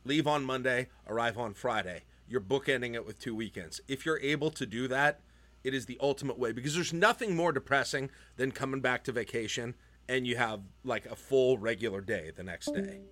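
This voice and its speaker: A man with a bright, forceful voice co-hosts a relaxed podcast chat. He talks with lively animation. His pitch sits in the middle range. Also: brisk. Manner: animated, puts on a mock Irish accent at times. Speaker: podcast co-host. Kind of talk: casual chat. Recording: remote call recording.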